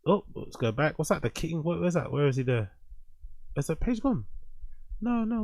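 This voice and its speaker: A man's voice: on the high side, moderate pace, long pauses, no room sound. Blunt, foul-mouthed male host, dry sound. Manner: blunt, heavy swearing, animated mocking. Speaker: show host. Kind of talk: casual commentary reacting to clips.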